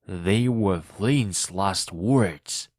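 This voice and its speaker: A jumpy, superstitious pirate who sounds afraid of ghosts, played by a man reading a storybook. He speaks anxiously, low and slow, in a dry, close recording. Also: darkish tone, no room sound. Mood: fearful. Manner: fearful, anxious. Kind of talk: audiobook reading for learners.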